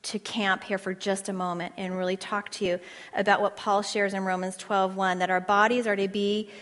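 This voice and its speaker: A woman teaching a women's Bible study with passion, swinging between loud declarations and hushed asides and asking her listeners questions for a response. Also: medium pitch, level tone, normal speed, long reverb tail. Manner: asks the audience questions for response. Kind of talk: passionate sermon.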